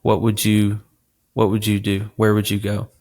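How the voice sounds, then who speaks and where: A man's voice: fairly low pitch, monotone, normal speed, darkish tone. A man co-hosting a podcast in casual chat, rambling a bit with restarts and fillers. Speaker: podcast co-host.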